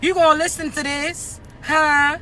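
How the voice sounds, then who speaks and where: A raspy woman with a Maryland accent, speaking high and bright as she gives a casual motivational talk to camera. She is blunt and streetwise, swears freely, and keeps asking her listeners if they understand. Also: flat delivery, unhurried, slight background noise. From Maryland, United States. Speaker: motivational social media creator.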